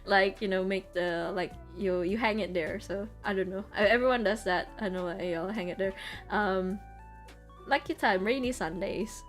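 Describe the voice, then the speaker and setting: A woman's voice: mid-range voice, normal speed, soft background music. A woman streamer chatting casually over trip photos, giggly and full of fillers. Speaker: vtuber streamer.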